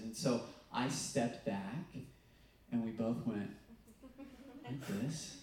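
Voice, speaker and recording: A man preaching a sermon in a relaxed, talky way, with ums and restarts as he tells stories. His voice sits in a mid pitch and rings out through a very echoey hall. He stands some way back from the mic. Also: slow pace, pauses often. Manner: conversational, storytelling with self-corrections and fillers. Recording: echoey room, mic at a distance.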